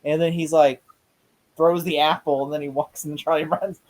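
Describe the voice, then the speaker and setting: A podcast co-host retelling a movie scene in a casual review chat, rambling excitedly and laughing often. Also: medium pitch, normal speed.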